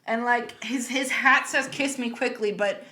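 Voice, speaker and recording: A woman's voice: a little high, steady tone, measured pace, sharp tone, roomy sound. A woman chatting crudely and casually as a podcast guest.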